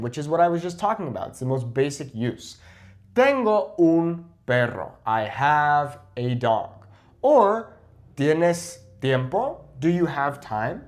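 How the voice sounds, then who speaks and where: Male language teacher, animated delivery, clear explanations. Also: fairly high pitch. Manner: clear, explanatory, slows down to model Spanish phrases. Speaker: Spanish teacher. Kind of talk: language lesson.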